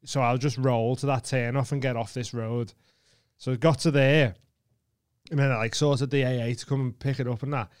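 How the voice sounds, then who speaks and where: A man's voice: mid-range voice, moderate pace, clean tone, dry recording, clean studio sound. A man co-hosting a podcast, telling a story in casual chat with plenty of swearing. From England. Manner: swearing, animated anecdote with laughs. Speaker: podcast co-host.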